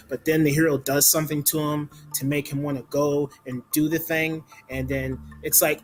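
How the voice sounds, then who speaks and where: A man's voice: a little high, level tone, moderate pace, soft background music. A man giving a blunt, casual movie review, ranting with lots of "like" and some swearing.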